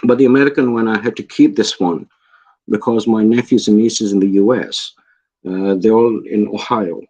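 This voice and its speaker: A man's voice: lowish voice, normal speed, a little mellow, lo-fi sound. A man from England with an English accent, chatting casually and telling stories, often repeating words as he starts a sentence. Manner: storytelling, repeats his words when starting. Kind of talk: casual chat.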